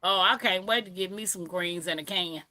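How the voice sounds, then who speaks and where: A woman's voice: on the low side, normal speed, bright, forceful tone. A woman co-hosting a casual stream chat, teasing and playful. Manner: teasing and playful, laughs often.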